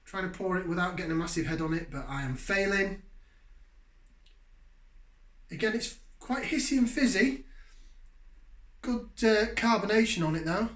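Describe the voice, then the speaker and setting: A man's voice: sits high, moderate pace, long pauses, a bit bright. A man, hosting a casual beer review in a rambling, self-deprecating way. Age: 40s. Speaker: beer reviewer, channel host. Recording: echoey room.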